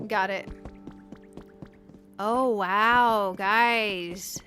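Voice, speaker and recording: A woman's voice: mid-range voice, fairly even intonation, extremely slow, pauses often, pushed and bright, soft background music. A woman hosting a casual let's-play, chatting to her viewers as she builds and thinking aloud in a playful, self-mocking way. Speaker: gaming channel host.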